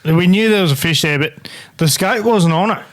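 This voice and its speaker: An Australian man hosting a podcast, telling a story in a casual, animated way, swearing freely and laughing as he goes. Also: high-pitched, moderate pace. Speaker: podcast host.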